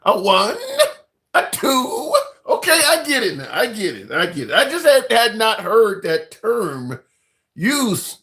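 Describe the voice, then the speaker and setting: A man's voice: high voice, wildly swooping pitch, slow pace, pushed and bright. A man hosting a livestream chat, teasing his guest with playful mock-innocent questions. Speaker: host.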